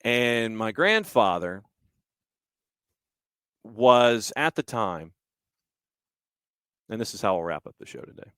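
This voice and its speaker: A man hosting a podcast, telling a story in an unhurried, conversational way with a few restarts. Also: mid-range voice, a bit bright, smooth, no echo, clean studio sound. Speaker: podcast host.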